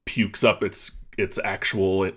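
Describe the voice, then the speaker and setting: A man's voice: sits low, little pitch movement, takes it slowly, a bit bright, breathy edge. A man co-hosting a comedy podcast who makes self-mocking, nerdy jokes while chatting. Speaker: podcast co-host. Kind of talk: casual comedic chat.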